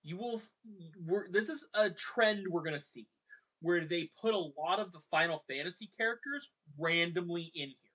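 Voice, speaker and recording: A podcast host walks through a video game's story in an easy, chatty retelling. The voice sits at a middle pitch, and the telling stays lively, with brief dips into character voices. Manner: chatty and animated, drops into quick character voices.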